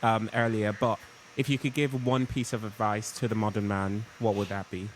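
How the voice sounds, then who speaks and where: A man's voice: on the low side, flat delivery, moderate pace, a little hiss or hum. Man hosting an interview podcast. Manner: attentive, many soft listening murmurs. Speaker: podcast host. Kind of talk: interview host.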